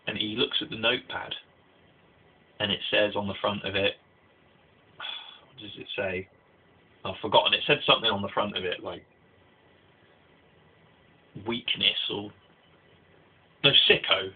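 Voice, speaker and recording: A man's voice: on the low side, slightly rough. A young man giving a casual spoken anime review, rambling with restarts and fillers, recorded on tinny phone-like audio.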